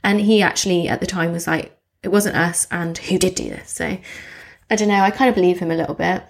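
A woman co-hosting a podcast, telling a case in a lively, chatty way and laughing often. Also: fairly low pitch, brisk, vocal fry. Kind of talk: casual chat.

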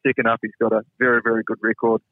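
A man's voice: medium pitch, completely flat delivery, no echo. New Zealand man on a tinny phone line. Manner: modest, measured, many fillers. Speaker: racing stable hand, guest. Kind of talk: phone interview.

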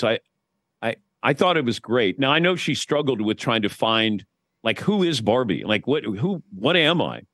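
A man's voice: medium pitch, a bit bright, no room sound, studio quality. A man in his sixties, a guest sportscaster, telling wry stories in casual chat with frequent restarts.

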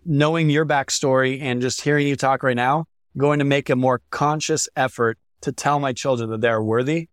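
A male podcast guest speaks in an earnest, reflective way, thinking aloud as he answers. His voice sits at an ordinary middle pitch for a man. The recording is dry and close, with no echo. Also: steady tone, moderate pace, few pauses, clear, resonant tone. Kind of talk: reflective interview chat.

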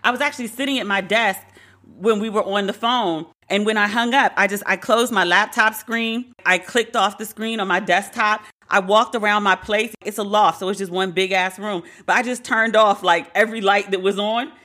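A woman's voice: medium pitch, steady tone, normal speed, bright, forceful tone. A woman with a New York accent telling a candid personal story, blunt and profane, acting out the quoted dialogue. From Brooklyn, New York.

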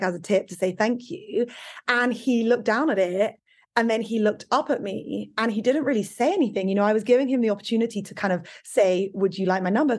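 Brief: woman podcast host, storytelling, mid pitch, energetic. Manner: chatty storytelling, high energy. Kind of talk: casual podcast chat.

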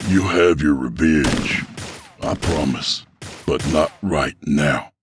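Brief: man voicing a steady, folksy gunman, very deep, gunfire in the mix. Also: slow, background noise. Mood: pleading. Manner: folksy speech, pleading, shouts in the firefight. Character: frontier gunman Abel, steady and urgent. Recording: gunfire sound effects behind.

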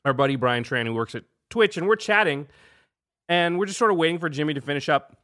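A man hosting a podcast, telling a story in casual chat, animated and laughing often. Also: a little high, fast. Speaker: podcast host.

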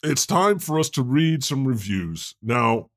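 A man's voice: medium pitch, no room sound, clean studio sound. A man playing God, a chatty male deity who hosts an improvised comedy podcast. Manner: conversational, quick to laugh, animated. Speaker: host.

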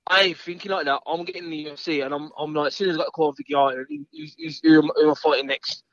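A fast-talking man, chatting as an interview guest in an easygoing, rambling way and repeating his words. His voice sits a little high for a man and comes across a bit dull and lo-fi. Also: animated, gravelly, dry recording. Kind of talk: casual interview chat.

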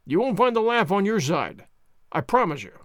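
A man reading the lines of a blunt, skeptical police inspector, gruff and impatient. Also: high voice, big pitch swings, moderate pace, fairly bright tone, no room sound, clean studio sound. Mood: brusque.

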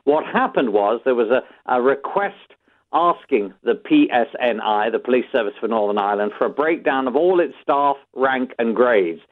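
A British man reporting as a news correspondent, measured, with frequent fillers. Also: medium pitch, expressive. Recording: tinny phone line.

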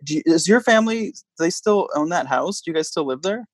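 A man hosts a casual podcast, his voice sitting a little high. He quizzes his guest in a playful, joking way. The sound is close and dry, with no room around it. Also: lively intonation, a little fast, no room sound. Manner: playful, quizzing a guest with multiple-choice options. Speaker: podcast host. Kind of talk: casual chat.

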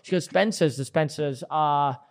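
A man's voice: on the high side, normal speed. A young man co-hosting a podcast, telling crude jokey family stories. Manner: joking storyteller, crude humor. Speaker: podcast co-host. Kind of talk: casual podcast chat.

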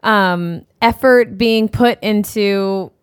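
A woman's voice: medium pitch, drawn-out words, smooth, no echo. A woman with a mid-range voice co-hosts a podcast and chats casually, filling her talk with "like" and "um." She is recorded close in a dry, dead-sounding space. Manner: chatty, lots of "like" and "um". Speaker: podcast co-host. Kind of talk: casual chat.

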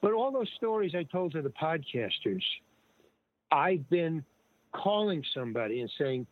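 Here a guest comedian and actor, an older man, chats through rambling stories and acts out quoted dialogue, very animated and at a measured pace. His voice is a little high, with no echo, on a tinny, dry, phone-like line.

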